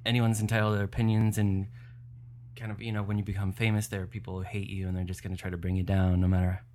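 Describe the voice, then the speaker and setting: A man in casual podcast chat, telling comedy-world stories in a relaxed way and laughing at his own points. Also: low-pitched, fast talker. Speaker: comedy insider guest.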